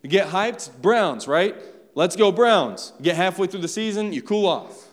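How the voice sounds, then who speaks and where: A man delivers a sermon in a relaxed, conversational way, turning often to address the congregation. His voice sits a little higher than most men's. The sound carries a long reverb from the church sanctuary around him. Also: moderate pace. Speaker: pastor.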